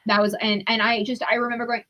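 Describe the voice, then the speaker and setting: A young adult woman, a podcast guest, telling her story in a candid, profane and animated way. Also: on the high side, quick pace, poor audio. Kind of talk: casual storytelling.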